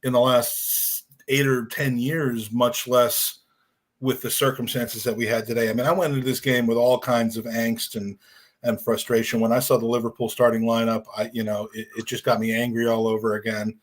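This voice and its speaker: A man's voice: mid-range voice, flat delivery, normal speed. A man hosting a football fan call-in show, talking in a loose, rambling, sweary way. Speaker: podcast host. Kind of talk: casual fan show talk.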